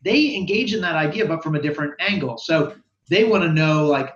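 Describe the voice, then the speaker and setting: Animated man explaining sales research. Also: a little high. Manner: animated, explanatory, quick bursts and frequent restarts. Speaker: guest expert on sales research. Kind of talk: casual podcast conversation. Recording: roomy, dull lo-fi sound.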